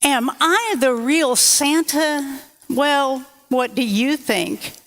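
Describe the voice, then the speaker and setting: A woman voicing a jolly old cowboy Santa man with a slow drawl, read out in a children's story. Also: sits high. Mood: teasing.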